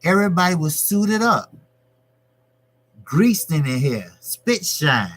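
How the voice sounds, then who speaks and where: Male boxing channel host; loose, cussing live-stream talk, a bit higher than average. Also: slow pace. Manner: profane, repetitive, animated. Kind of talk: casual live-stream rant.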